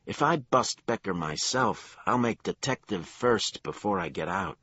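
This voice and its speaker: A man's voice: fairly low pitch, lively intonation, a little slow, sharp tone, breathy edge, no room sound, lo-fi sound, voice pushed up, heavily acted. A laconic female cop, as a man puts her on. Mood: teasing. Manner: dry, laconic delivery. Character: tough, laconic female police officer. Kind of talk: audiobook character voice.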